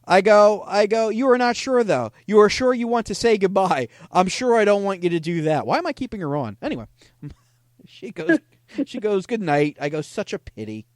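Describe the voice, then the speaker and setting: High-pitched guy, bouncy up-and-down voice, podcast host telling chat logs deadpan. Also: normal speed, no echo, clean studio sound. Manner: deadpan retelling, frequent "I go, she goes". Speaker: podcast host reading scam chats. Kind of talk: casual comedic retelling.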